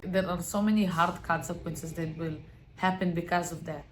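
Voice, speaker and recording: A woman's voice: lowish voice, fairly even intonation, moderate pace, a little hiss or hum. Earnest woman giving motivational advice. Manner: earnest, emphatic, with restarts. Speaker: vlogger. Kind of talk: motivational talk to camera.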